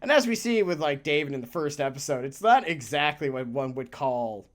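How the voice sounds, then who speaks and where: Laughing often and swearing casually, a podcast co-host rambles through relaxed, animated chat. The medium-pitched voice keeps a brisk pace.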